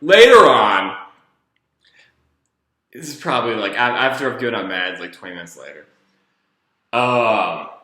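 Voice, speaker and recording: A man, a former treatment counselor, telling a personal story in a casual, rambling, animated way. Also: medium pitch, measured pace, pauses often, echoey room.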